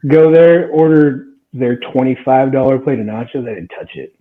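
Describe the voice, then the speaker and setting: Recorded with a tinny, phone-like sound, this man in his twenties guests on a podcast and casually tells a story at a moderate pace and medium pitch. He laughs a lot and acts out what people said with animated energy.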